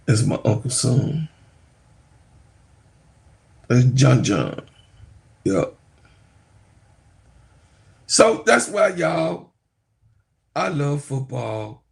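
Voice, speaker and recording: Male streamer, unhurried chatty storyteller, gravelly fry, laughs through his anecdotes. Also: mid-range voice, big pitch swings. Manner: rambling, laughs often, addresses viewers as y'all. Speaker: sports YouTuber talking to viewers. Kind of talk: casual livestream storytelling.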